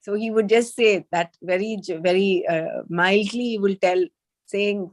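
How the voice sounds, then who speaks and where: Speaking in a mid-range voice, the study group leader first reads a spiritual passage to a small gathering and then puts it into her own words. She sounds measured and reflective, hesitating with fillers once she talks off the page.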